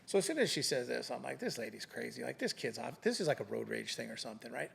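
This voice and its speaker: A man's voice: mid-range voice, fast talker, vocal fry, slightly rough. A middle-aged man, a retired police sergeant, casually telling a story in an interview and acting out the voices of the people in it. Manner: animated anecdote telling, acting out quoted voices.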